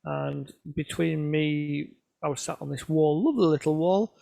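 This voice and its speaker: Give me a chatty man on a video call, slightly high voice. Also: moderate pace, gravelly, dark tone, dry recording. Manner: chatty, self-mocking storyteller. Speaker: photographer giving a club talk. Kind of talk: casual anecdotal presentation.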